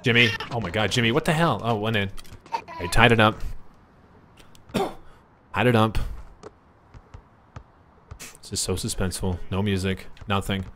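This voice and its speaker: A young man streaming a basketball video game, muttering and then yelling in frustration at a useless teammate. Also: lowish voice, moderate pace, long pauses, a little hiss or hum. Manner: frustrated, ranting and swearing at a teammate; swings between muttering and yelling. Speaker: gaming streamer. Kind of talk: live gameplay commentary.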